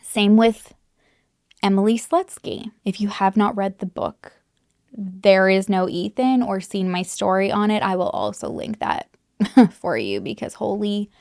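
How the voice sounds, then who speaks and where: A woman's voice: medium pitch, animated, a little slow, vocal fry, a little mellow, no room sound. Candid woman true crime vlogger, dry sound. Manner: candid, swears freely, many likes and you knows. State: recovering from illness, on antibiotics. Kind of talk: casual true crime commentary to camera.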